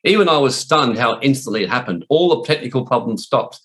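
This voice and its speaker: A man gives a loose, informal teaching with blunt wording and frequent swearing. He rambles and restarts his sentences as he goes. His voice sits at an average pitch for a man. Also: animated, brisk, fairly bright tone. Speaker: spiritual warfare teacher. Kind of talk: informal preaching talk.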